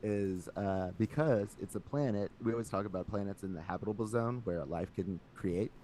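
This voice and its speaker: A man's voice: fairly low pitch, normal speed, dark tone, a little hiss or hum. A man co-hosting a casual podcast, joking around and laughing often as he talks. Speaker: podcast co-host.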